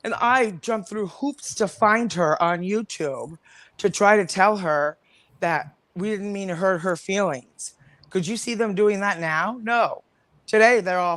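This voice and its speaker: A woman's voice: medium pitch, measured pace, no room sound. A woman on a livestream panel, delivering an angry, confrontational rant full of swearing.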